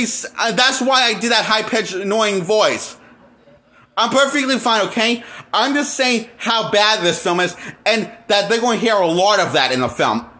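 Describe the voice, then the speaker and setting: High, bright-voiced man ranting. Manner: rambling, with frequent restarts and fillers; blunt, exasperated complaining with swearing. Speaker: movie critic. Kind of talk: casual movie review rant.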